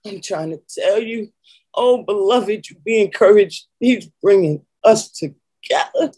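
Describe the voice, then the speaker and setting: A woman preacher giving an emotional spiritual testimony, moaning and sighing between phrases and pausing to collect herself. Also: mid-range voice, warm tone, husky, low-quality recording.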